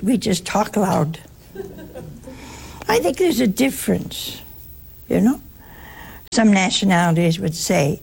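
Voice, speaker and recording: An American woman, a nun, giving a chatty talk to an audience, telling stories with animated asides. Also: mid-range voice, creaky, slightly rough. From United States. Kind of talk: casual spoken talk to an audience.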